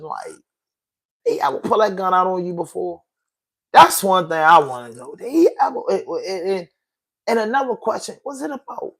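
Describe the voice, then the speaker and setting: A man's voice: high-pitched, fairly bright tone. A man hosting a podcast, talking in an emotional, slangy way, repeating himself and saying bro a lot. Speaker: podcast host. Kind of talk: casual commentary monologue.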